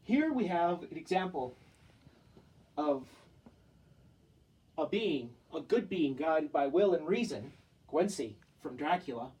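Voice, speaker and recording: A young man delivers an earnest, impassioned talk, piling up rhetorical questions. His voice sits a little high for a man. He stands back from the microphone, so the sound is slightly distant. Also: expressive, slow pace, long pauses, dark tone. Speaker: student giving a talk. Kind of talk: earnest spoken presentation.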